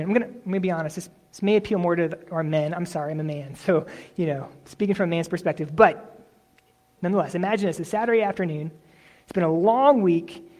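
A man preaching a sermon in a relaxed, conversational way, often acting out imagined replies. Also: on the high side. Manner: conversational, self-correcting, uses imagined dialogue. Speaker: pastor.

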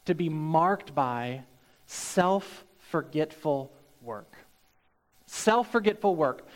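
Earnest young male pastor preaching. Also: high voice. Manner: earnest, emphatic, repeats key phrases. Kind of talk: sermon. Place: church.

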